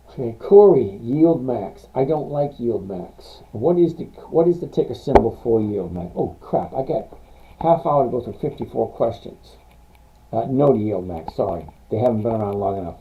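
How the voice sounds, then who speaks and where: Blunt man on a tinny phone-like line. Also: medium pitch. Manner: blunt, rambling, answers viewer questions, reads numbers off charts. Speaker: livestream stock trading host. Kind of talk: casual live Q&A reviewing stocks.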